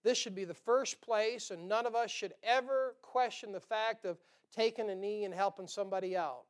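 A man preaches in a church, his voice pitched high and ringing clear. He is folksy and joking, and he keeps checking in with the congregation by asking "amen?". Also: moderate pace. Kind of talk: sermon. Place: church sanctuary.

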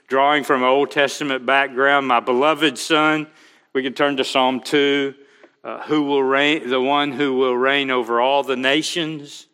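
A male pastor preaching a sermon, slow and emphatic, quoting scripture aloud. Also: mid-range voice, steady tone, pushed and bright, clear, resonant tone, big-room sound.

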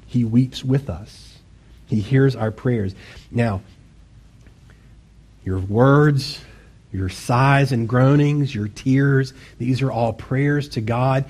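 A man's voice: medium pitch, mellow, slightly rough. A man preaching a sermon in a conversational, self-deprecating way, with sudden bursts of intensity. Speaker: pastor.

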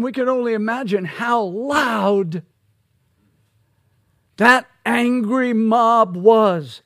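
A male pastor preaching an expository sermon, slow and emphatic, rising to loud peaks on key words. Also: extremely high pitch, dry recording, clean studio sound.

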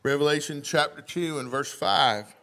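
A man's voice: fairly high pitch, normal speed, creaky, a bit bright. A male pastor, preaching a sermon in church, reading scripture aloud and asking the congregation questions. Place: church sanctuary.

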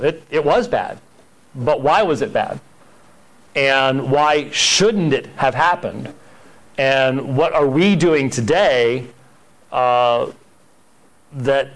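Emphatic man teaching church history. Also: mid-range voice. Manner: emphatic, repeats words, conversational asides. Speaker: Sunday school teacher.

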